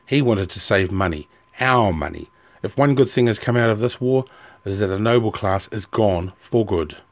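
A man's voice: fairly low pitch, expressive, moderate pace. Man voicing a bitter, sneering soldier. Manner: sneering and resentful. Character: bitter, scornful male Legion officer.

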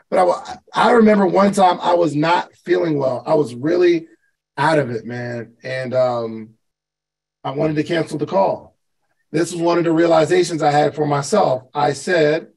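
A man with a fairly high, gravelly voice gives a motivational talk to a live call audience. He speaks conversationally, asks his listeners questions and repeats himself for emphasis. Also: fairly even intonation, normal speed, a little mellow, poor audio. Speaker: host and business coach.

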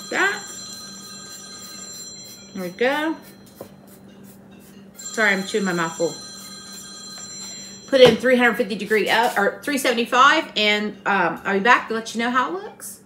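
Home-cook host, middle-aged woman, bright folksy chatter in her kitchen, faint hum behind. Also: a little high. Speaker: home cooking channel host. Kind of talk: casual cooking demonstration.

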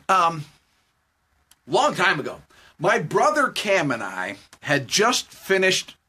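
Husky, animated man telling a story. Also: fairly high pitch. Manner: jokey, chuckling, conversational. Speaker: Christian devotional speaker. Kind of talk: live devotional storytelling.

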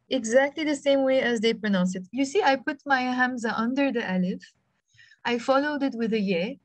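A woman's voice: sits high, normal speed, dry recording. A woman with a Lebanese accent teaching an online beginners' language class over a video call, patiently spelling out letters one by one and encouraging her students. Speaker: Arabic teacher. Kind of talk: live online language lesson.

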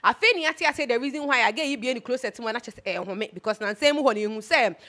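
A Ghanaian woman talking through celebrity gossip in a casual, emphatic way, sliding between Twi and English. Her voice sits a little high. She keeps an easy, chatty flow as the host. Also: expressive, very fast, bright, forceful tone.

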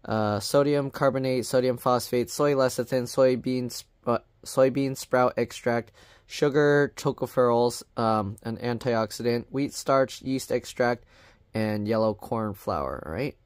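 A man casually reviewing a food product on his vlog, reading the label aloud in a plain, even way with chatty asides. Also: mid-range voice, unhurried, clear, resonant tone, no room sound, clean studio sound.

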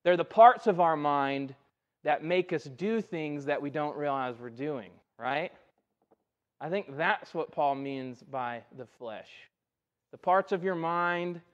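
High-voiced pastor preaching conversationally. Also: male voice, animated, slow, dull audio. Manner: conversational, keeps asking "right?". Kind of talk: sermon. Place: church sanctuary.

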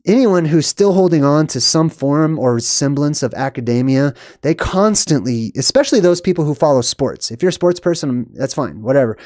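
Male host, fairly high mellow voice, rambling and emphatic, dry close recording. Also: lively intonation, moderate pace, hardly any pauses, no echo. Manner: rambling, emphatic, laughs at his own points. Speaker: video host. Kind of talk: casual monologue.

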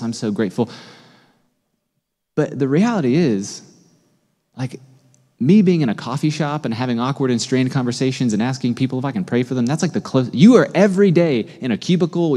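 Conversational pastor in a reverberant hall. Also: male voice, a little high. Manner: conversational, animated, asks the congregation questions. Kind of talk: sermon. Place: church sanctuary.

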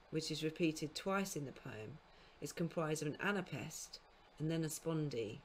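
A woman giving a recorded literature lecture to school students, explaining in a measured way and now and then correcting herself mid-phrase. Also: deep voice, a little hiss or hum. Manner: speaks scansion aloud in sing-song beats. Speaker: university lecturer.

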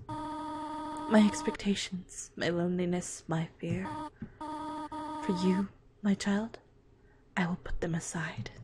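A woman reading the lines of a gentle, motherly goat monster in a soft, hushed, mournful voice over game music. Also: medium pitch, natural voice.

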